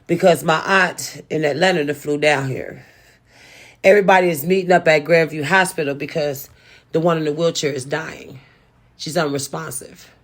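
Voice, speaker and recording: A woman's voice: medium pitch, pushed and bright. A woman telling a personal storytime, angry and emotional, who swears and repeats herself for emphasis. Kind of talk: casual storytime.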